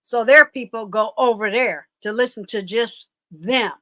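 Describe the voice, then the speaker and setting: A woman with a high, bright voice talks in a blunt, animated, profane way. Her sound is dry and close. She rambles with restarts as she chats. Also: a little slow, dry recording. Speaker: guest commentator. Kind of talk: casual chat.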